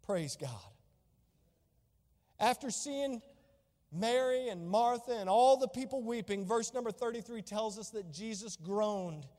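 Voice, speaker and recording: A man pastor preaching a fervent sermon in a church, swinging from soft to loud, reading scripture in old-fashioned wording. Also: sits high, lively intonation, a little slow, long reverb tail.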